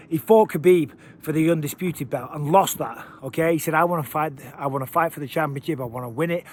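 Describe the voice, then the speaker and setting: A man giving casual, energetic fight commentary while walking outdoors, out of breath. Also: a little high, a little hiss or hum. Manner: energetic, chatty, emphatic. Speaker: MMA commentator. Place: outdoors by water at high elevation.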